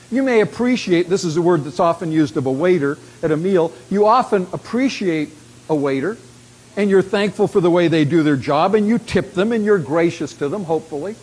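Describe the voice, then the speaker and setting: A man preaching a sermon as pastor, measured and stretching key phrases slowly. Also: high-pitched, darkish tone, husky, poor audio.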